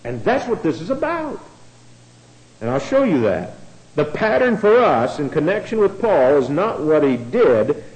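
A man's voice: a little high, very animated, a little slow, darkish tone, low-quality recording. A man giving a sermon-style Bible study, explaining in a conversational way, often restarting his sentences and spelling out words letter by letter. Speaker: Bible teacher.

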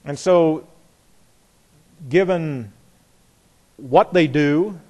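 A man's voice: a little high, warm tone. A man leading a Bible study class, explaining a passage step by step, asking students questions and reading scripture with stress on key words. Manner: deliberate, repeats words, asks the class questions. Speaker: Bible teacher.

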